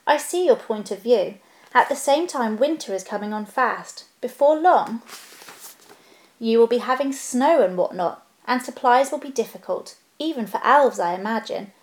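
A woman's voice: expressive, normal speed, lightly acted. Bilbo, a woman doing a fussy polite male hobbit. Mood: polite, earnest. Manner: prim businesslike courtesy, a little squeaky. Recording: roomy echo.

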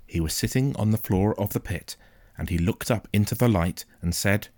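A man reads a first-person storybook aloud in a quiet, measured, suspenseful manner. His voice is very low. The recording is close and dry, with no room sound. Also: no room sound. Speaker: audiobook narrator.

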